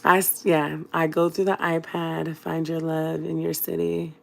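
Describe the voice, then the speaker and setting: Young woman, lowish voice, slightly under the weather; casual, dramatic storytime talk straight to her viewers. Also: level tone, a little slow, vocal fry. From Fresno, California. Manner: chatty, dramatic, addresses viewers directly. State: has a cold. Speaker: vlogger.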